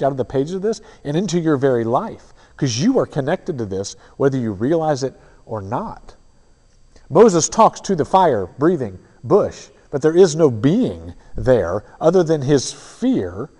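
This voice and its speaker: A man's voice: medium pitch, dark tone, in a large hall. A man preaching a sermon, retelling a story in an earnest, reflective way with frequent restarts.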